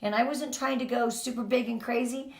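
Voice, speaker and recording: Middle-aged woman, upbeat sales coach, bright high-ish voice, echoey room. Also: brisk. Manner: energetic, coaching, emphatic. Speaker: team leader. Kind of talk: motivational team talk.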